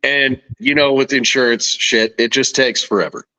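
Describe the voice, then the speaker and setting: A man's voice: mid-range voice, fairly even intonation, moderate pace, bright, forceful tone, rough recording. Easygoing man explaining plainly. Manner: easygoing, laughs along, brief interjections. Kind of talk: casual chat. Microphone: remote stream mic.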